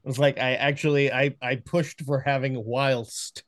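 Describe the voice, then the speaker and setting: A man co-hosting a movie podcast, talking casually and haltingly, with many fillers and soft laughs. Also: medium pitch, level tone, no echo, clean studio sound. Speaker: podcast co-host. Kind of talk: casual chat about movies.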